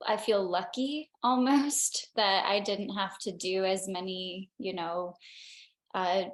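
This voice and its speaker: A young adult woman, an actor being interviewed, answering casually and hesitantly with many restarts and fillers. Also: medium pitch. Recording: roomy echo.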